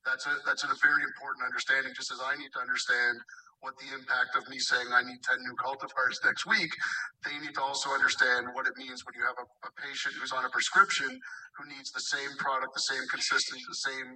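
Energetic man speaking on a business panel. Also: medium pitch, fast, recorded from a distance, low-quality recording. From Canada. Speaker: commercial executive on a panel. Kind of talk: panel discussion.

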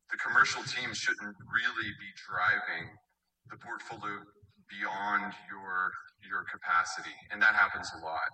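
A man speaking on an industry panel, explaining at length with many pauses and fillers. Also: deep voice, bright, forceful tone, far from the mic, low-quality recording. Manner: measured, filler-heavy explanation. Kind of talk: panel discussion.

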